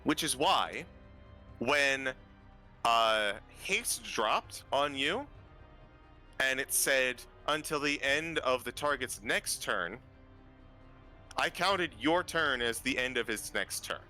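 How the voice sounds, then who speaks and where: Bright-voiced man running the game. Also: medium pitch, lively intonation, slow, long pauses, soft background music. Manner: playful, dramatic narration. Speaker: dungeon master. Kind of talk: narrating a tabletop game.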